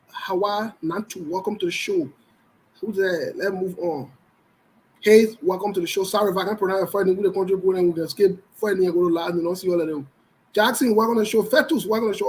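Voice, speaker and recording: Speaking in a high-pitched voice with a Liberian English accent, a man hosts a live online show and chats casually. He greets viewers by name in a loose, joking way, and the audio quality is poor.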